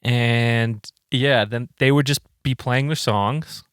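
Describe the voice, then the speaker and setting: A man in mid pitch recounting band mishaps on a podcast, jumping into quoted voices and swearing freely. His voice sits dry and close, with no room sound around it. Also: takes it slowly, clean tone, no room sound. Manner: animated storyteller who acts out quotes with lots of swearing. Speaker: band member and podcast co-host. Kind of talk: casual podcast chat.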